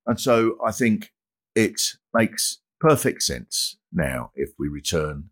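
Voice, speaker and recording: A man's voice: on the low side, very animated, takes it slowly. A male comedian hosting, delivering a mock-solemn, sarcastic satirical monologue that swells into a pompous rant. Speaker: comedian host.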